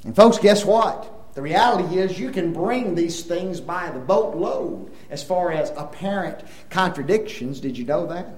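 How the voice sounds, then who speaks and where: Older guy preaching, high voice that swoops up and down a lot, acts out little scenes, keeps asking the crowd stuff. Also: unhurried, few pauses, reverberant, rough recording. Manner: animated storytelling, acts out dialogue, asks the audience questions. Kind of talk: sermon.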